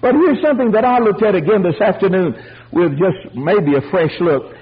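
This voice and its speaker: An older man preaching a folksy storytelling sermon, animated and acting out the voices of the people in his stories. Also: high voice, moderate pace, slightly rough, narrow, tinny audio. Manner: animated, acts out voices, chuckles.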